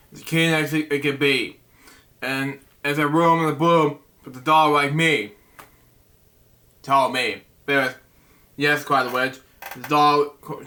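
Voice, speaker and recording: A man hosting a bedtime story show, reading a picture book aloud in a halting way, stumbling over words and breaking off with asides. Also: fairly high pitch, sharp tone. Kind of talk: casual read-aloud with asides.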